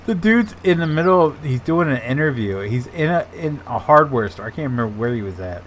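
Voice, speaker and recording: A man's voice: medium pitch, big pitch swings, a little fast, slight background noise. A man chatting casually during a gaming stream, telling loose stories and laughing along with his friend. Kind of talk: casual chat while gaming.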